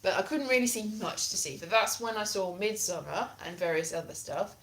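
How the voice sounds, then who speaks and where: A woman chatting live with her viewers in a casual, playful way. She is theatrical and self-mocking, with a middling pitch. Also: lively intonation, a little fast. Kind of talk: casual live-stream chat.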